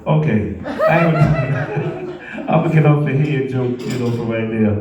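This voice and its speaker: A man's voice: medium pitch, a little slow, darkish tone, far from the mic, dull audio, a little hiss or hum. A man doing a stand-up comedy set, rambling through stories and laughing at his own jokes. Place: comedy club stage. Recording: very echoey room from afar.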